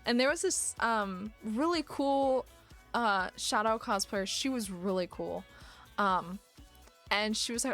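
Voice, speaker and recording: With faint music behind her, a young woman on a livestream speaks slowly in a mid-range voice. She's in casual chat mode, spinning animated stories with plenty of laughs and an occasional curse word.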